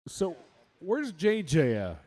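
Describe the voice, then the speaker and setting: A man's voice: high-pitched, huge pitch swings, slow, dark tone. A man announcing a live rodeo, giving upbeat introductions of riders.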